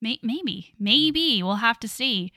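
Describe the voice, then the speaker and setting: A young adult woman co-hosting a podcast in casual chat, amused and quick to joke. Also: on the high side, lively intonation, sharp tone, dry recording, studio quality. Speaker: podcast co-host.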